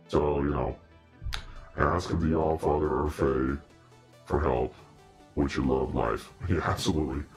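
A man with an extremely low, rumbling voice hosts a casual livestream in a demon persona. He rambles, jokes and chats directly with his viewers. Faint music sits in the background. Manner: rambling, joking, talks to viewers.

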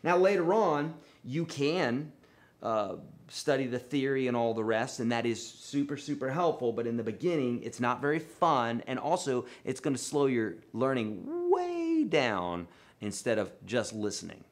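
Chatty male guitar teacher. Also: measured pace. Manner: chatty, rambling, animated with sudden high outbursts. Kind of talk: live online guitar lesson. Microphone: livestream microphone.

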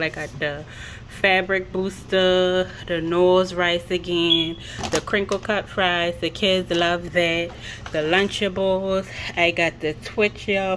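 A woman's voice: on the low side, slight background noise, low-quality recording. A woman in her thirties vlogging at home in a casual, chatty way, addressing her viewers again and again. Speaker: lifestyle vlogger and mom. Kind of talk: casual vlog chat.

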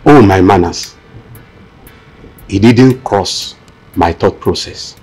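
A man acting as a pompous church leader who waves off his son-in-law's grief. His voice is deep and husky, and his delivery is dismissive and self-important. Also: slow pace, darkish tone. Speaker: father-in-law, a church leader. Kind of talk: Christian film drama acting.

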